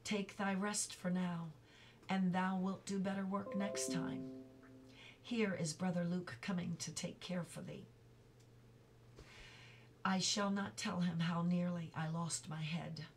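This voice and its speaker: A woman voicing a calm, patient old monk carpenter who speaks quietly in old-fashioned thee-and-thou speech. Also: fairly low pitch, slow pace, long pauses, soft background music. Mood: kindly.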